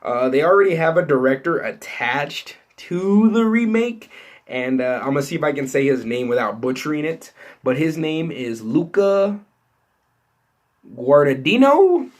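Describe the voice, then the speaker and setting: Animated and speaking at a normal pace in a fairly high voice, this entertainment vlogger riffs unscripted to his audience about film news. His talk loops back on itself, full of restarts and fillers such as "like" and "you know."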